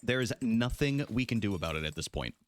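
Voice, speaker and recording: A man's voice: on the low side, fairly quick, slight background noise. A young adult man streaming a video game live, chatting casually with his viewers, joking and swearing as he plays. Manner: animated, jokey, swears, talks to chat.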